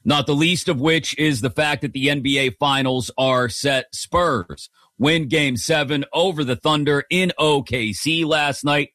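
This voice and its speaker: Energetic male sports radio host. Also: a little high, unhurried, dry recording, studio quality. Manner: upbeat, energetic broadcaster delivery. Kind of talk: live sports talk radio. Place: radio studio. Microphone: studio broadcast microphone.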